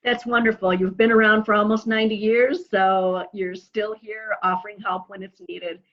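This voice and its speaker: A woman's voice: mid-range voice, fairly even intonation, moderate pace, highs cut off. A woman hosting a library talk and wrapping up an interview with thanks to her guest. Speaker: host. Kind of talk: closing an interview.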